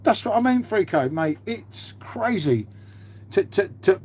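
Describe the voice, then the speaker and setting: A man's voice: high voice, sing-song, unhurried, a little mellow, breathy edge. A man, host of his own livestream, chatting casually and swearing freely. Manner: blokey, swears freely, says "mate" a lot.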